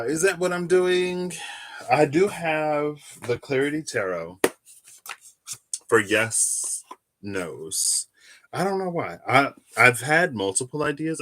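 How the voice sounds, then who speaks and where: A man's voice: medium pitch, big pitch swings, moderate pace, sharp tone, no room sound. A man chatting casually as he shuffles and pulls tarot cards, rambling and correcting himself as he goes. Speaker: tarot reader. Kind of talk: casual tarot reading vlog.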